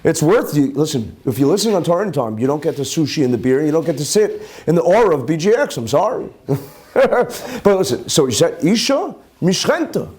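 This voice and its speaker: Rabbi at the lectern for a live Torah class: a man with a high, very expressive voice who keeps asking the room questions. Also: fairly quick. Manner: animated, peppers talk with rhetorical questions and Hebrew terms. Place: live class with an audience present.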